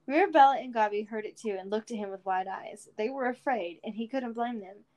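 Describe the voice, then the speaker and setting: A woman narrating a fantasy storybook aloud in an expressive, unhurried way. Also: fairly high pitch, dull audio.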